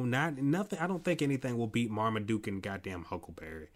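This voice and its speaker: A man's voice: medium pitch, animated, fast, few pauses. A man hosting a late-night solo podcast, ranting in an exasperated, profane way with many restarts, tired and yawning. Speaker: podcast host. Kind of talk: casual solo commentary.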